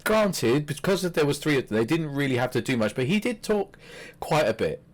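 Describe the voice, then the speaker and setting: A man co-hosting a podcast, chatting casually about wrestling, animated and swearing freely. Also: on the high side, normal speed. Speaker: podcast co-host.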